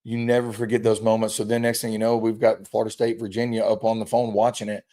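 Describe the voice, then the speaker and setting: A man with a low, mellow voice talks casually as a high school football coach. He rambles through stories and acts out the quotes of players. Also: level tone, fast. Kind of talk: casual chat.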